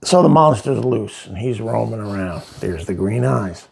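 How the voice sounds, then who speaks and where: Gravelly man reviewing comics. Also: fairly low pitch, lively intonation, moderate pace, darkish tone, a little hiss or hum. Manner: rambling, retells the plot with asides.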